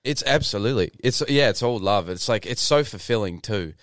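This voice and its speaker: A man's voice: lowish voice, expressive, fairly quick, fairly bright tone, no room sound, studio quality. A man in his twenties with an Australian accent, telling stories in a loose, rambling way as a podcast guest, with many fillers and restarts. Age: 20s. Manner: rambling, lots of fillers and restarts, swears casually. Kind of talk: casual interview storytelling.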